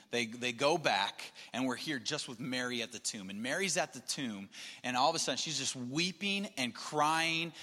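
Heard through a long hall reverb, a pastor preaches earnestly in a conversational way. His voice is medium-pitched, bright and forceful, and he frequently starts his phrases over.

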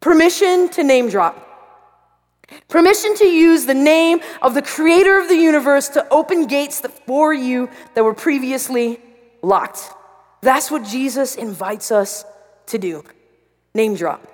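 A high-voiced woman pastor preaching to students, shifting into animated storytelling and acting out her own alarm. Her voice carries with a long reverb, as if filling a large hall. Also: a little slow. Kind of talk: sermon to students with a personal story.

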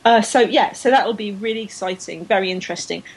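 A woman's voice: mid-range voice, fast talker, husky, poor audio. A woman co-hosting a casual podcast chat, enthusiastic and full of fillers and restarts. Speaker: podcast co-host. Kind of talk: casual chat about women's cycling.

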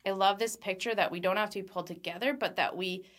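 A woman in her thirties speaks in a mid-range voice with a steady, slightly bright tone. She is a Christian speaker giving an earnest devotional with scripture reading, slowing on key phrases and laughing lightly as she moves between thoughts.

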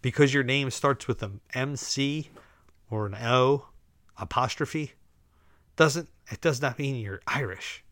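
Young man, mid-pitch, sarcastic solo podcast rant, dry close sound. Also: slow, a bit bright, dry recording. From United States. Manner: ranting, sarcastic, laughs at his own jokes. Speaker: podcast host. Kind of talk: casual solo podcast monologue.

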